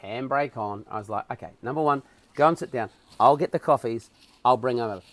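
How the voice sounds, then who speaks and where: A podcast guest with a New Zealand accent tells a story, acting out the dialogue with lively swings in his voice. His voice is mid-range and fairly quick, and the recording is dry. It's animated storytelling.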